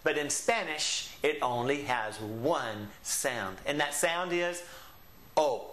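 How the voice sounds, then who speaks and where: Patient Spanish teacher, echoey room. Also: male voice, medium pitch, expressive, a bit bright. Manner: patient, drawn-out model pronunciations. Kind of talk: classroom lesson.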